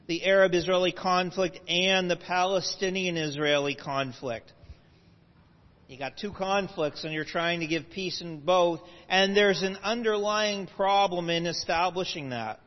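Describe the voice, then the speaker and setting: A man lecturing to a live audience, explaining step by step, with asides and self-corrections. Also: high voice. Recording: dull lo-fi audio with long hall reverb.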